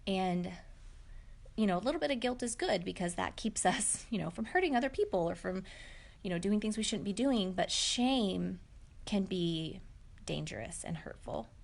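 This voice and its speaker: A woman's voice: mid-range voice, expressive, normal speed, gravelly. A woman, telling a personal story to camera in a candid, reflective, chatty way with many fillers. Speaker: vlogger.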